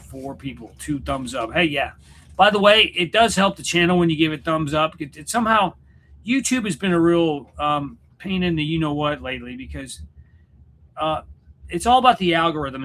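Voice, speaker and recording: A man's voice: on the high side, fairly bright tone, a little hiss or hum. A man hosting a casual livestream for his channel, chatting in a rambling, jokey way and often stopping to restart his sentences. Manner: rambling, self-interrupting, joking. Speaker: YouTube channel host and musician. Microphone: computer setup at home.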